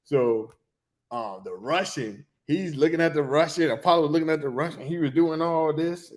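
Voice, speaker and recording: A middle-aged man hosting a podcast, telling a loose, animated story in casual slang, with laughs and restarts. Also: on the high side, normal speed. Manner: animated, humming tunes and acting out reactions. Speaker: podcast host.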